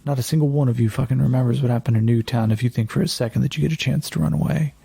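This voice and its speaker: A man playing a profane, commanding male rebel fighter in a tabletop game, his low voice gravelly and husky. He snaps orders bluntly and swears freely, and his tone stays dark and rough. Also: fairly even intonation, very fast, no echo. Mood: fiery. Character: hard-bitten male resistance fighter rallying troops.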